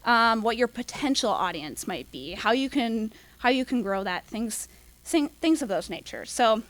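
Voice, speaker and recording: A young woman giving a casual workshop talk, quick and full of "um"s and "like"s. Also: a little high, expressive, fairly bright tone. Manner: quick, filler-heavy, apologizes for talking fast. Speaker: workshop presenter.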